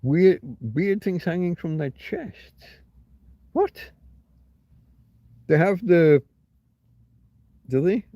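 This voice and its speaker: A man's voice: high voice, expressive, drawn-out words, pauses often, warm tone, no room sound, highs cut off. Rambling, swearing man streaming live. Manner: rambling, swears freely, answers chat comments. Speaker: livestream host. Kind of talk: casual livestream chat.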